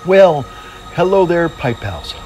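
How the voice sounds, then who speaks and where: Slow, leisurely older man savoring aloud. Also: on the high side, big pitch swings, darkish tone, soft background music. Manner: leisurely, savoring, humming "mm" between phrases. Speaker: pipe-smoking vlogger. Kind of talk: relaxed casual chat to viewers. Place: outdoors on a veranda deck.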